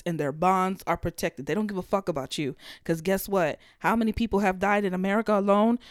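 A woman's voice: medium pitch, dry recording, clean studio sound. A young woman hosting a solo podcast, ranting in a sassy, profane, heated way. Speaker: podcast host. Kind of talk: casual solo podcast rant.

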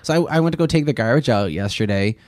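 A man's voice: mid-range voice, lively intonation, fast, no room sound, studio quality. A young man co-hosting a podcast, telling a story in a laid-back, casual way, full of "dude" and "yep". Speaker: podcast co-host.

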